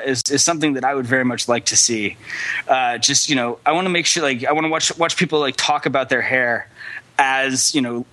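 A man co-hosting a casual podcast and making wry, deadpan jokes. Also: medium pitch, no echo, poor audio. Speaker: podcast co-host.

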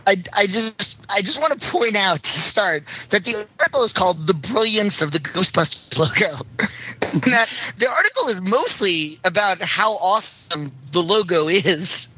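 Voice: medium pitch, lively intonation, normal speed, bright, forceful tone, husky. A podcast host explaining their article hesitantly, with many restarts. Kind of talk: casual interview talk. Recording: dull lo-fi audio.

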